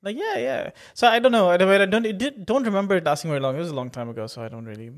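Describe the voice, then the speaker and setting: A man's voice: sits high, racing. A man hosting a podcast, talking in a teasing, rambling casual chat. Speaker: podcast host.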